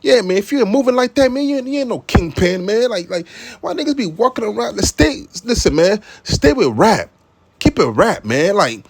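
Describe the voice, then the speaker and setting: Man, high voice, young, rambling, profane street talk, says "man" constantly. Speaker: commentator. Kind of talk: casual monologue commentary.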